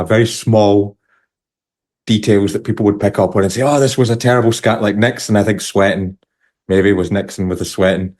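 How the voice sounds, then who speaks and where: Deep-voiced British podcast host, rambling. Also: male voice, a little mellow. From United Kingdom. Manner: rambling, self-interrupting, chuckles often. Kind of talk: casual interview chat.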